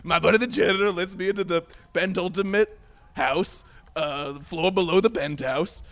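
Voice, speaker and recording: A man playing a grumpy bomb-making tenant in an improv comedy scene. He talks in a fairly high voice and rambles through an indignant rant. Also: normal speed, a bit bright. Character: older male bomb maker, grumpy tenant.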